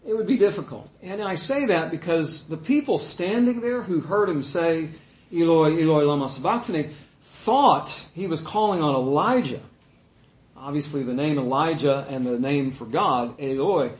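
A man preaching a sermon as a pastor, earnest and emphatic, pausing often with "uh". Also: on the high side. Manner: earnest, emphatic teaching with frequent "uh" pauses. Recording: echoey room.

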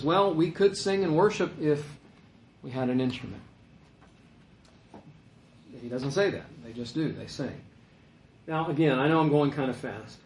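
A man preaching a sermon, asking questions and answering them himself as he reads verses aloud. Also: on the high side. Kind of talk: sermon with scripture readings. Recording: echoey room.

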